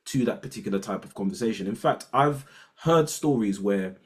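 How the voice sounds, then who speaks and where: A man's voice: on the low side, expressive, brisk. A middle-aged man with a London accent, a guest educator in a casual podcast chat who acts out quoted snippets of dialogue. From England.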